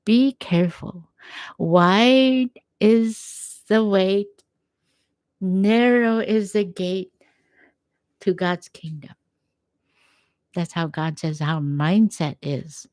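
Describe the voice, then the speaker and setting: A woman giving a gentle, encouraging faith talk at home, quoting scripture as she reflects. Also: medium pitch, extremely slow, long pauses, dry recording. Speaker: faith speaker.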